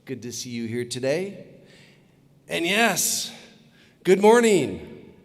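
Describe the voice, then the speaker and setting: A man's voice: medium pitch, animated, takes it slowly, pushed and bright. A man giving an upbeat commencement speech, telling jokes and stories to the graduates. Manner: upbeat storytelling, leads crowd chants. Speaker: commencement speaker. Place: large arena with long reverb. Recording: long hall reverb.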